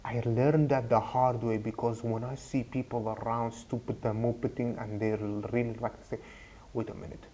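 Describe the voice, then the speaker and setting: Young male vlogger, husky and goofy, rambling advice in broken English at a middling pitch. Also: level tone, normal speed, few pauses, dark tone, dull audio. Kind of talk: casual advice talk.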